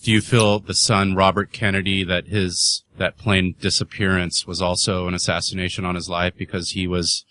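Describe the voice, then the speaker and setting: A man with a low, flat voice hosts a radio interview and puts short questions to his guest. A faint hiss sits under the recording. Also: moderate pace, hardly any pauses. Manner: brief questions and backchannels. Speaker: host.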